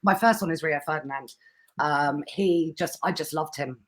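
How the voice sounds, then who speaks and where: A woman's voice: low voice, moderate pace. Chatty, giggly woman. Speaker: podcast guest. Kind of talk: casual chat.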